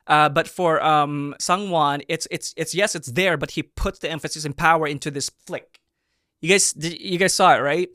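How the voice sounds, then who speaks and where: A man in his thirties hosting a reaction video, giving casual and animated commentary with excited exclamations. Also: on the high side, normal speed, no room sound, clean studio sound. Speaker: reaction video host, performer.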